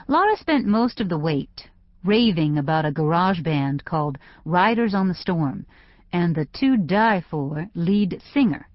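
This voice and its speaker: A woman's voice: fairly low pitch, no echo. A woman narrating a novel in first person, with wry conversational storytelling. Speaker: audiobook narrator. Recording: dry, slightly dull studio audio.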